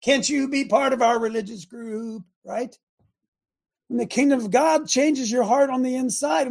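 An older man hosting a talk radio show, delivering a fiery, repetitive preachy rant that rises to shouts. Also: very high voice, normal speed, creaky.

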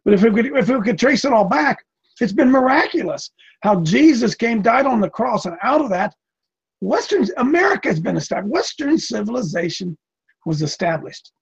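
A man's voice: extremely high pitch, big pitch swings, normal speed, creaky, slightly rough, dull audio. A man in his sixties preaching a sermon in a folksy, repetitive, emphatic way. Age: 60s.

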